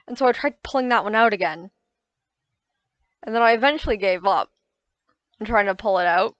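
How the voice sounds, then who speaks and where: A woman gaming YouTuber records casual gameplay voice-over commentary on a close mic, dry and plain, with no echo and the highs cut off. Her mid-range voice moves fairly quickly as she rambles, corrects herself and recounts her frustrations.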